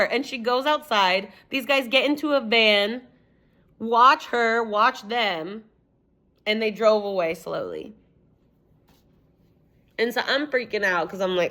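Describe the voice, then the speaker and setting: A woman's voice: a little high, takes it slowly, pauses often, pushed and bright. A young woman vlogger telling a personal story in a rambling, casual way, swearing often and saying "like" a lot.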